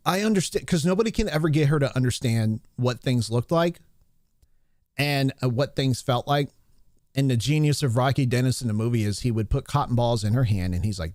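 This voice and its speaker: Rambling man with lively pitch. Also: a little fast, dry recording, clean studio sound. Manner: rambling, restarts and recalls a movie. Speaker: live stream host. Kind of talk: casual commentary live stream.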